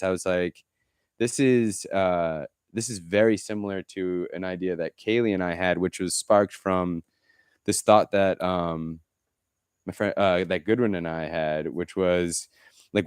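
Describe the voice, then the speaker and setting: A man with a low, smooth voice co-hosts a podcast, recorded clean in a studio with no echo. He chats casually and rambles through stories full of fillers and restarts, mimicking people in quoted asides.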